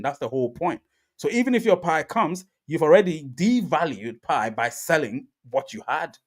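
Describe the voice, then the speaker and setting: A man's voice: a little high, a little mellow. A man hosting a live crypto reaction stream, talking emphatically to his chat, repeating himself and laughing often. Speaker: crypto livestream host.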